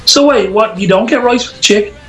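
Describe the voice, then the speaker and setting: A man in casual podcast banter, asking deadpan questions. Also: high voice, fast talker.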